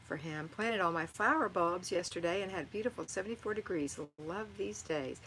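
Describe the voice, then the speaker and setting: A middle-aged woman with a lowish voice hosts a live stream. She reads viewer comments aloud and answers them with warm, motherly encouragement. Faint noise hums underneath. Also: normal speed, poor audio. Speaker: livestream host answering viewer chat. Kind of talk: live-stream chat and home advice.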